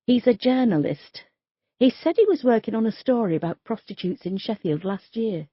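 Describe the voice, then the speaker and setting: A woman voicing a calm, careful female police detective who asks measured questions, in an audiobook. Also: a little high, husky, no room sound, dull audio. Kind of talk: audiobook character voice.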